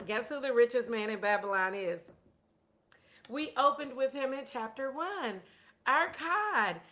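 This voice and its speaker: A woman's voice: fairly high pitch, animated, unhurried, bright, forceful tone. Chatty woman teaching with stories. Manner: chatty, self-deprecating, repeats words. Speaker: teacher of a personal finance course. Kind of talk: casual storytelling lesson.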